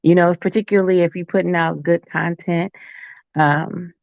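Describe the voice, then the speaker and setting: A man hosting a casual livestream chat, talking in an easygoing way with drawn-out phrases. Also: high-pitched, fairly even intonation, creaky, no echo. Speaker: host. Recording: dry, dull-sounding stream audio.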